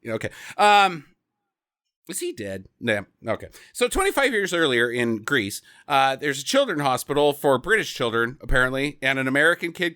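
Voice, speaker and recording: A man's voice: fairly high pitch, smooth, no room sound, studio quality. A man co-hosting a podcast, riffing sarcastically on a bad movie in casual banter and acting out the scenes. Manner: animated, sarcastic, bursts of laughter. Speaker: podcast co-host.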